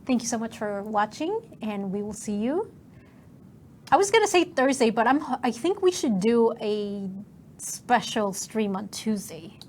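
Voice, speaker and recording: A woman's voice: a little high, big pitch swings, unhurried, a little mellow, a little hiss or hum. A woman co-hosting a game stream in casual, upbeat chat.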